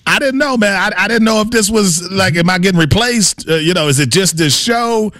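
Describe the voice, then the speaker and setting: A man co-hosting a sports talk radio show, excitable and playful. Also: high voice, brisk, no echo, clean studio sound.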